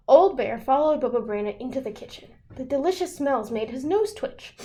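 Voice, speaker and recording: A woman librarian reading a picture book aloud to children in an expressive, animated way over a video call. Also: on the high side, moderate pace, few pauses.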